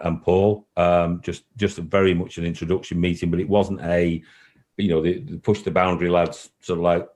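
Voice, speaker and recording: A man's voice: low-pitched, darkish tone. A man who runs a football club, answering interview questions in an earnest, repetitive way. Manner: earnest, repeats himself, emotional at times. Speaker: football club chief executive. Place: call recording.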